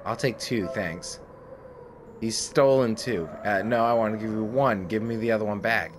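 A let's play gamer with a lowish voice gives casual, joking commentary at a moderate pace, cursing freely and laughing at himself. Game music plays beneath him, along with slight background noise.

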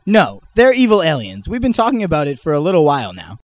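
A man's voice: on the high side, wildly swooping pitch, fast, dry recording. A teen boy acts as an earnest, matter-of-fact superhero. His voice moves up and down a lot and sounds close and dry in a homemade sketch. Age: late teens. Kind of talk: amateur comedy sketch.

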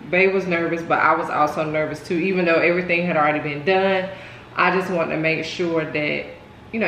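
A woman's voice: deep voice, fairly bright tone, roomy sound, slight background noise, low-quality recording. A woman in casual chat reacting to her own proposal video, emotional and teary, rambling as she talks.

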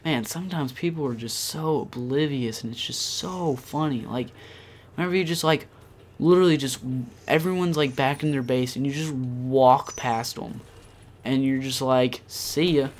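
Male gamer narrating his own matches; rambling delivery full of ums and likes, with sudden excited spikes. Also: medium pitch, moderate pace, a little hiss or hum. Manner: rambling with many fillers, bursts of excitement. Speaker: gaming channel host. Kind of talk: casual gameplay commentary.

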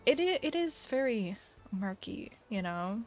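A woman's voice: fairly high pitch, sing-song, unhurried. A woman streamer chatting casually on a live stream, giggling often and talking to her pets. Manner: bubbly, giggly, baby-talks to her pets.

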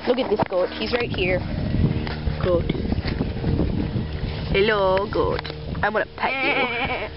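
A woman's voice: medium pitch, slow. A young woman filming on a farm walk, giggling and cooing at the animals in a casual chat. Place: outdoors on a farm. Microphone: handheld camera. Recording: dull lo-fi camcorder sound with clear outdoor noise. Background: outdoor ambience with animals.

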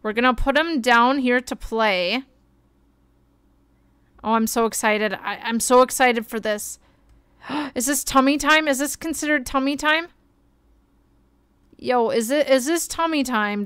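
A young woman streaming a game, chatting excitably and gasping as she plays. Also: sits high, unhurried, long pauses, clean tone, no echo. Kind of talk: casual gameplay commentary.

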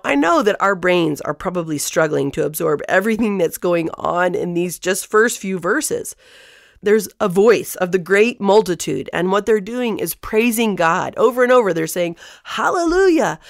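A woman's voice: mid-range voice, gravelly, dry recording. A woman leads a devotional Bible teaching in a friendly, conversational way. Her voice sits in a middle range and lifts with energy when she reads scripture aloud. The recording is dry and close. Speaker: podcast host and Bible teacher.

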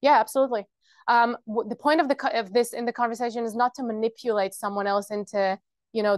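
A woman's voice: on the high side, fairly even intonation, quick pace, dry recording. A woman presenting a practical workshop, explaining earnestly and checking in with her listeners.

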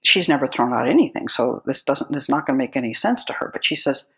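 A woman's voice: a bass voice, lively intonation, fast, low-quality recording. An older American woman giving a lecture, telling wry, humorous anecdotes in a storytelling manner. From United States. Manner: wry, storytelling, chuckling at her own tales. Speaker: speaker.

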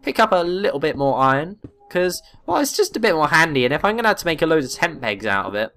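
Excitable guy narrating gameplay. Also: a little high, fast. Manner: excitable, swears, exclaims and laughs often. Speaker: let's play gamer. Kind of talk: gameplay commentary.

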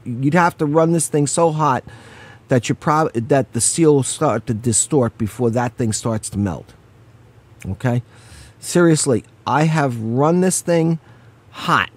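A man's voice: mid-range voice, measured pace. A man giving a casual hands-on product review, explaining each step in a chatty way and stopping now and then to apologize for slips.

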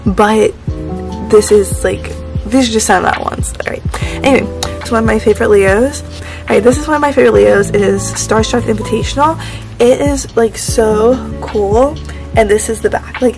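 A teenage girl vlogging in a casual, chatty way, full of "um" and "like", her voice hoarse and rough. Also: fairly high pitch. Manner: chatty, many fillers like "um" and "like". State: hoarse, voice partly gone. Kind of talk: casual vlog chat.

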